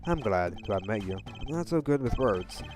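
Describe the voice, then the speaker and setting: A woman voicing a stern elderly male gangster boss in a low, gruff voice. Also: lively intonation, normal speed, a little mellow, faint music behind. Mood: solemn.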